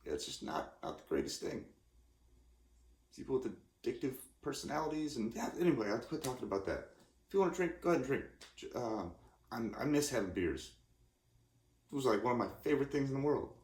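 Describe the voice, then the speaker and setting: A man's voice: mid-range voice, big pitch swings, fairly quick, pauses often, darkish tone. A man in his forties from California, talking casually in a rambling, self-interrupting way with lots of restarts. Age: 40s. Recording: roomy echoey room.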